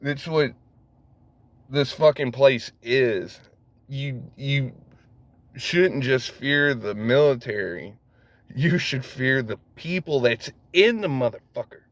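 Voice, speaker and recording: A man's voice: medium pitch, takes it slowly, fairly bright tone, no echo. A man ranting casually to camera, rambling, swearing heavily and laughing at himself as he goes. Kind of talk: casual profane rant.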